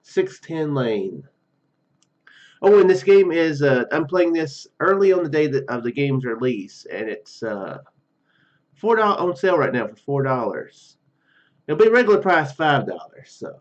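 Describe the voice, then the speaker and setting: A man with a slightly froggy, hoarse throat, casually reading and chatting through a text adventure game, rambling with many fillers and restarts. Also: fairly high pitch, very animated, normal speed, highs cut off. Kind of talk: casual let's-play commentary and reading.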